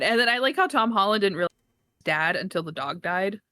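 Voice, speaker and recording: A woman co-hosting a casual movie review podcast, excitable and swearing freely, acting out characters with big jumps in her voice. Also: mid-range voice, a little fast, dry recording, clean studio sound. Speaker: podcast co-host.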